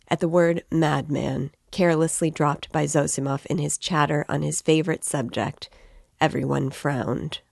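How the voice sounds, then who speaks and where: A woman narrates a classic novel in a low, measured voice. The recording is dry and close, with no room sound. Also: creaky, no room sound. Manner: measured, even literary narration. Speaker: reader and guide. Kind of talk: reading a novel aloud.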